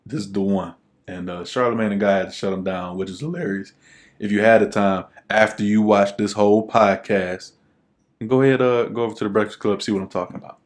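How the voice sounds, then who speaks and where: A young man with a fairly low voice co-hosts a podcast, talking in a loose, easygoing way. He rambles and fills gaps with plenty of ums and uhs. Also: fairly even intonation, brisk. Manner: laid-back, rambling with many fillers. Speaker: podcast co-host. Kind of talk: casual chat.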